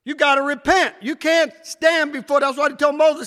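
High bright-voiced preacher in an echoey hall. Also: male voice, fairly even intonation, moderate pace. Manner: preaching with shouts and wide swings in pitch and loudness. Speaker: pastor. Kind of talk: sermon.

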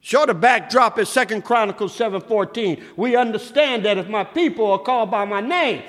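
A man preaching a sermon, shouting at times and swinging between loud and soft. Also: moderate pace, few pauses. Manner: preaching with shouts and wide swings in pitch and loudness. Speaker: pastor. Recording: echoey hall.

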